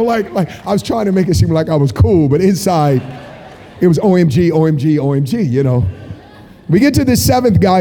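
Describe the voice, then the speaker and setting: A man preaching a sermon, telling stories with animated energy and jokey asides. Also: high voice. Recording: long hall reverb.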